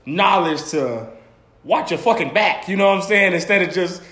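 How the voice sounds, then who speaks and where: A man telling stories in a casual chat. He is animated and profane, and he laughs often as he talks. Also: high-pitched, normal speed, reverberant.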